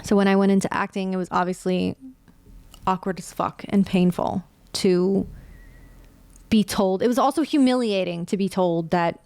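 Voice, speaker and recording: A woman's voice: mid-range voice, steady tone, normal speed, darkish tone, smooth, dry recording. A woman in her late twenties or thirties hosting a casual solo podcast, talking candidly and with feeling and swearing freely. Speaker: podcast host.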